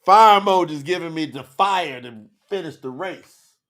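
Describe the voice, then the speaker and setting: A man's voice: a little high, moderate pace, a bit bright. A man teaching scripture on a livestream, talking straight to the viewers in the chat, emotional and close to tears.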